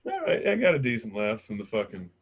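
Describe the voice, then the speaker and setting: A man doing a stand-up comedy set, brash and profane, laughing at his own jokes. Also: on the low side.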